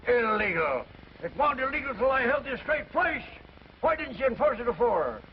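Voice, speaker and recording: An actor playing a brash, boisterous old cowboy grandfather, talking in a loud, folksy, blustering way, in a dull old film recording. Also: very high voice, big pitch swings, moderate pace, slight background noise. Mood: outraged. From Wyoming. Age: older. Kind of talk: 1950s TV drama acting. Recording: dull lo-fi 1950s film sound.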